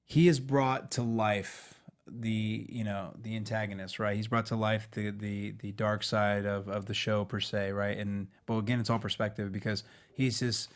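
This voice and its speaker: Animated male actor telling stories. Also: fairly low pitch, moderate pace. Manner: animated storyteller, slips into playful impressions. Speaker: guest actor. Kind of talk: casual chat.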